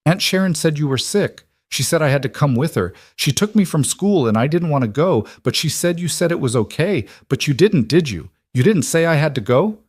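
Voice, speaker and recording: A man's voice: on the high side, lively intonation, brisk, few pauses, a little mellow, breathy edge, no echo, studio quality, voice pushed up. A man voicing a frightened little girl who pleads tearfully for her father. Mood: pleading.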